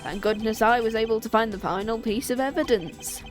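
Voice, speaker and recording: A woman voicing a smooth, condescending older man while reading game dialogue aloud, soothing and patronizing. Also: fairly high pitch, very animated, unhurried. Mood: reproachful. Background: faint game music.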